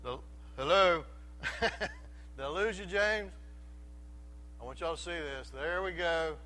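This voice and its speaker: A man's voice: fairly high pitch, takes it slowly, pushed and bright. A man preaching a sermon to his congregation, chatty, often asking the room questions and restarting his sentences. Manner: conversational, asks the congregation questions, self-interrupting. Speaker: pastor. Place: church before a congregation.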